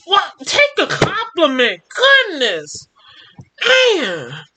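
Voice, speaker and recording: A woman's voice: high voice, wildly swooping pitch, drawn-out words, bright, forceful tone. A young woman hosting a storytime show, reading a fan story aloud and reacting with laughs. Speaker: storytime host.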